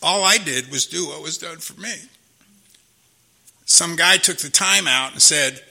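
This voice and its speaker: Gravelly, sharp-toned older man sharing his story. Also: on the high side, a little slow, long pauses. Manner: earnest storytelling, repeats himself, frequent "you know?". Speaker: recovery meeting speaker. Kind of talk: personal testimony talk.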